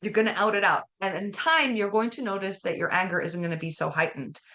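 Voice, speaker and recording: A woman's voice: medium pitch, quick pace, bright, forceful tone. A woman on a podcast giving emphatic, encouraging advice in conversation.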